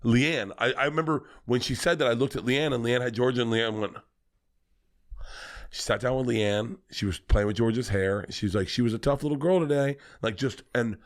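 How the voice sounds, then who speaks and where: A comedian on a podcast telling a long personal story in a casual, animated, swearing manner. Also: male voice, medium pitch, moderate pace. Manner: animated, profane, fillers like "like".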